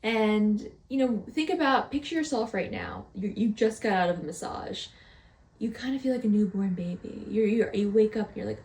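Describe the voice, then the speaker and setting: Young female podcast host with a playful storytelling drawl and a slightly gravelly voice, recorded in an echoey room. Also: medium pitch, a little mellow. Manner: playful, drawls words out slowly for effect. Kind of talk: casual storytelling monologue.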